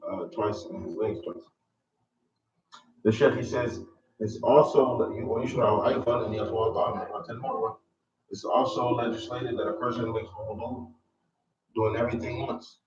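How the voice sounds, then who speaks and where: Man teaching from a classical text, low monotone, far off in a dull, echoey, noisy recording. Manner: reads a line in Arabic, then explains it in English, hesitant fillers. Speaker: Islamic studies teacher. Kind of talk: lesson reading and explaining a classical text.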